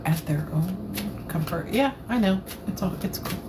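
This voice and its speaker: A woman's voice: mid-range voice, expressive, normal speed, background noise. A woman tarot reader chatting casually on a live stream, playful and giggly, rambling as she talks into a phone.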